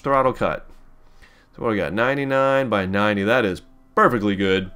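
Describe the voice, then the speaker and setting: A man's voice: mid-range voice, lively intonation, fairly quick, a bit bright, clean tone. A man from Pittsburgh chatting casually and rambling upbeat while commentating his own space game playthrough. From Pittsburgh, USA. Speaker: let's play host. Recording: faint background music.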